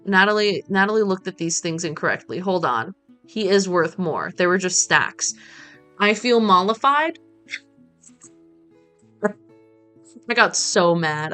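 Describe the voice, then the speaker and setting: Chatty woman streamer over soft music. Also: mid-range voice, big pitch swings, measured pace, vocal fry, pauses often. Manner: playful, talks to the game. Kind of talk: casual gameplay chat.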